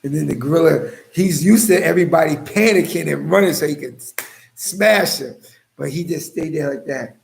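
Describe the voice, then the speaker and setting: A man's voice: fairly high pitch, moderate pace, vocal fry. A man hosting a casual livestream, joking and calling out viewers by name. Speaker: livestream host.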